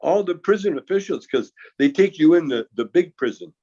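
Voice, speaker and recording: A man with a gravelly, somewhat high voice spins a casual story as a guest. He chuckles often and stumbles over restarts. The sound is dull and lo-fi. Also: expressive, fairly quick, mellow. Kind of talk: casual anecdote telling.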